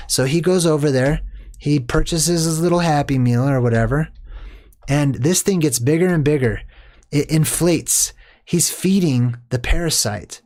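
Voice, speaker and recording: A man's voice: fairly high pitch, measured pace, darkish tone. A man, a father, hosting a movie commentary in a rambling monologue, lecturing his viewers in a preachy way. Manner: preachy and lecturing, with many fillers and restarts.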